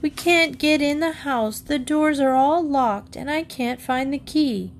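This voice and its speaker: A woman voicing an excitable young girl on a farm, in a higher, eager voice. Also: measured pace, slight background noise. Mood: excited.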